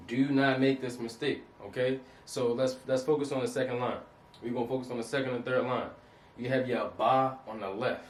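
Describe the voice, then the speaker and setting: A man giving an informal lesson over slides, casual and repetitive, often checking that the listener understands. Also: mid-range voice. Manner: repetitive, keeps asking "you understand that?"; casual, street-style phrasing. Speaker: Hebrew teacher. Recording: roomy, distant mic, faint noise.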